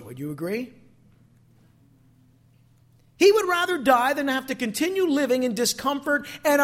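Male preacher, high register, questioning and dramatic sermon delivery. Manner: rhetorical questions to the congregation, dramatic acted quotes.

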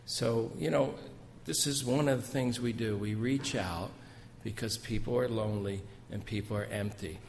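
A man's voice: mid-range voice, normal speed. A man speaking as a missionary at a gathering, telling folksy, joking stories full of asides. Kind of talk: sermon with personal stories. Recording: long hall reverb, faint room noise.

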